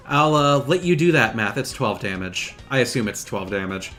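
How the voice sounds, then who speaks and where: A man's voice: medium pitch, animated, normal speed, few pauses, a bit bright, faint music behind. A man giving casual let's play commentary, musing aloud with fillers and self-corrections. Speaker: gameplay commentator.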